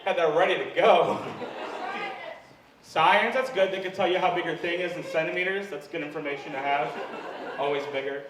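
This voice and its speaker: A man's voice: fairly high pitch, brisk. A man doing a stand-up set, self-deprecating and chatting with the crowd, laughing between jokes. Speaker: stand-up comedian. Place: comedy club stage. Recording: echoey live room from far off, noisy.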